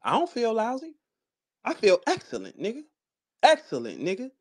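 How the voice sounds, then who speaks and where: A man's voice: sits high, huge pitch swings, normal speed, darkish tone. A man, boasting and trash-talking in a profane, swaggering way during a live audio-room argument. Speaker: battle rapper hosting a live audio chat. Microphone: phone or computer mic on a live audio room.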